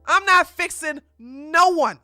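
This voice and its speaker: A woman's voice: very high-pitched, slow pace, pushed and bright, dry recording, clean studio sound, faint music behind. A woman giving casual reaction commentary, blunt and emphatic, lecturing in slangy speech. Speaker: commentary streamer.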